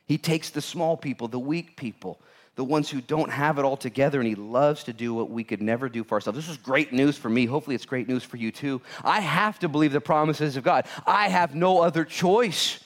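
A man's voice: mid-range voice, brisk. A man preaching a sermon as a pastor, telling stories with acted-out voices and jokes. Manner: animated storytelling, acts out voices of characters; jokey, laughs at own jokes.

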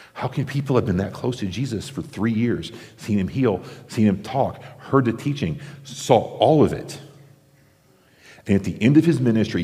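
A pastor delivering a sermon in a conversational way, acting out the crowd's reactions, from the United States. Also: male voice, low voice, dark tone. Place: large theater-style church auditorium. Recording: long hall reverb.

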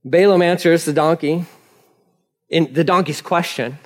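A male pastor giving an animated, conversational sermon with frequent laughter. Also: fairly high pitch, unhurried. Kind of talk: casual sermon.

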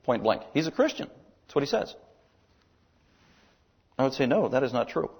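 A man's voice: mid-range voice, very animated, normal speed, darkish tone, husky, in a large hall. A man preaching a sermon with emphatic delivery, his voice climbing on key words.

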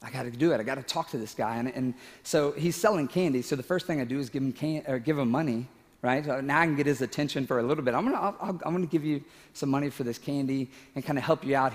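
A man's voice: mid-range voice, in a large hall. A man preaching a sermon, telling a personal story in a casual, emotional way, with laughing asides and moments where he fights back tears. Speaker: pastor.

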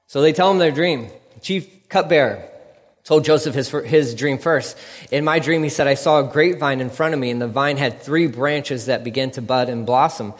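Preaching in a large hall, a pastor speaks at a moderate pace in a medium-pitched voice. His sermon is casual and conversational, and he acts out people's quotes in a variety of voices.

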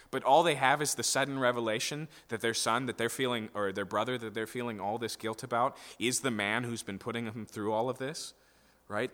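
A man's voice: mid-range voice, sharp tone. A man preaching an expository sermon in a conversational way, often checking in with his listeners. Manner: conversational, checks in with "okay?" and "right?". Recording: long hall reverb.

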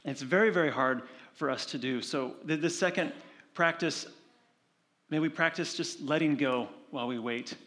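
A male pastor giving a sermon, talking conversationally and slowing down to read scripture. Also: a little high. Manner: conversational preaching with animated retold stories; slows and softens for scripture reading.

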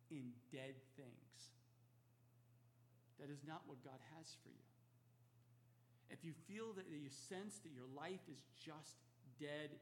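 A man's voice: a little high, a little hiss or hum. A man preaching an expository sermon, emphatic and repeating key phrases for effect. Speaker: pastor.

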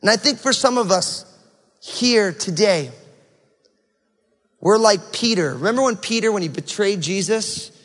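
High-voiced preaching man, hall reverb. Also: lively intonation, measured pace, long pauses, a bit bright. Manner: conversational preaching, acts out inner voices. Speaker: pastor. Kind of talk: sermon. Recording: long reverb of a large hall.

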